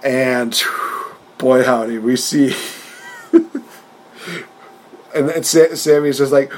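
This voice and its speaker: A man with a husky, slightly breathy voice chats casually on a podcast about wrestling. He talks with animated energy, laughs often, and jumps into a higher, louder voice when he imitates people. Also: slow, long pauses, low-quality recording. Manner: animated, laughing often, acting out quotes in a raised voice. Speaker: podcast co-host.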